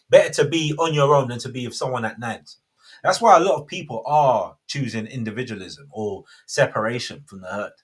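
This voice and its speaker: A man's voice: medium pitch, a bit bright, husky. A man, hosting a casual faith talk and rambling with many self-interruptions. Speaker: host.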